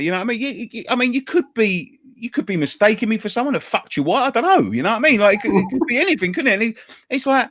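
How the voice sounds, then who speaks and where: A man telling a story in casual show chat, animated, stammering and repeating words, swearing freely and acting out others' lines. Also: sits high, fast, dry recording, clean studio sound. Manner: acts out other people's lines in a raised voice. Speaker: show co-host.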